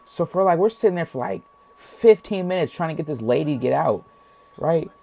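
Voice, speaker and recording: A man's voice: fairly high pitch, animated, a little fast, gravelly, dark tone. Young male storyteller, casual and rambling, full of slang. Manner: rambling, heavy slang, acts out voices. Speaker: storytime vlogger.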